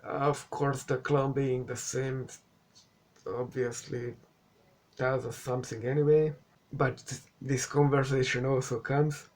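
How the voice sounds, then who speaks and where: A man's voice: mid-range voice, little pitch movement, a little slow. A man whose first language is not English, giving a casual, sarcastic spoken movie review and swearing now and then. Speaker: film reviewer.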